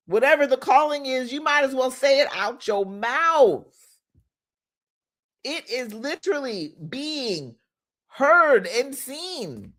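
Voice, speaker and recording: Lively preachy woman coach. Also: high-pitched, takes it slowly. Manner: animated, preachy, playful, laughs often, hollers for emphasis. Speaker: host, manifestation coach. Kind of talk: motivational talk.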